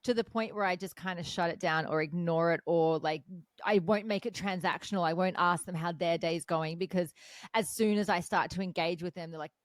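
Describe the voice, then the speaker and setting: A woman's voice: fairly low pitch, a little fast, no echo. A woman hosting a podcast, talking frankly and animatedly in a casual interview. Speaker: podcast host.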